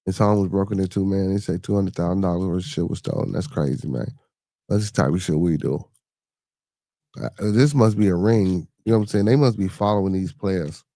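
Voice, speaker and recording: Brisk and low-pitched with a dark tone and no room sound, this man runs a casual podcast live stream. He's laid-back, reading chat messages and answering viewers with loose slang.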